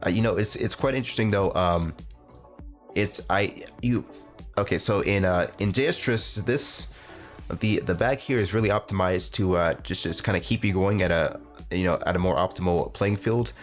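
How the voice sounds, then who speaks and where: A man announcing a live online game tournament, talking in a rambling, halting way with lots of fillers and restarts. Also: deep voice, faint music behind. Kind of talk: live esports commentary.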